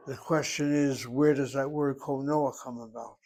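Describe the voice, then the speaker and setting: A man's voice: medium pitch, steady tone, a little mellow. Man explaining Hebrew grammar step by step. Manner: thinks aloud, deliberate, explains step by step. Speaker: Hebrew teacher. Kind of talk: classroom grammar lecture.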